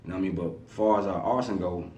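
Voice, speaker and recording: A fast-talking man with a fairly low voice. He talks in a relaxed, rambling way and fills his sentences with "you know what I mean." The room is echoey and he sits some way back from the mic. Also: recorded from a distance. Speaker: artist manager, guest. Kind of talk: casual interview talk.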